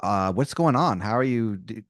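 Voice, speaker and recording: A man's voice: on the low side, lively intonation, moderate pace, dry recording, clean studio sound. A man reacting to and playing along with an improvised comedy story as a podcast co-host.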